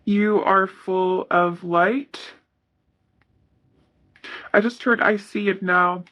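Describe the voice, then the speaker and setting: Bright-voiced woman giving a tarot reading. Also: mid-range voice, steady tone, very slow, poor audio. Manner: soft, hesitant, reads card messages aloud with many fillers. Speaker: tarot reader.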